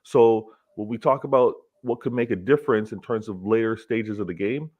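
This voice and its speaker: A man in casual football chat, talking in a relaxed, measured way and often murmuring agreement. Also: on the low side, husky. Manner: relaxed, measured talk with many agreeing fillers. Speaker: co-host. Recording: dull lo-fi audio.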